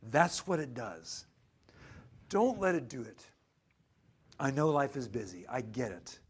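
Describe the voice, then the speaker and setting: A male pastor preaching a sermon in church. He swings from loud emphasis to near-whispered asides and often stammers and restarts. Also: mid-range voice, sing-song, unhurried, breathy edge.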